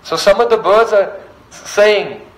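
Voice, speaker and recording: A man's voice: sits high, takes it slowly, poor audio. A man giving a devotional sermon, telling a sacred story, reciting verses and often checking in with listeners with a questioning "hmm?". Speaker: speaker giving a devotional discourse.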